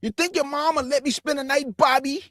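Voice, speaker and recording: A man's voice: very high voice, fairly even intonation, a little fast, a bit bright, no echo, clean studio sound, pitched above the performer's own voice. A man putting on a mocking, sing-song voice of a cheerful suburban teen boy. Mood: chirpy. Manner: chirpy, exaggerated, sing-song.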